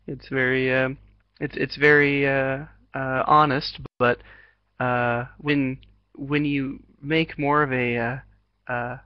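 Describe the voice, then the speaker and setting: Over a video call, a US-born English teacher leads an online class with encouragement, frequent laughter, and plenty of fillers and restarts. His voice is medium-pitched, with no echo and a lo-fi sound.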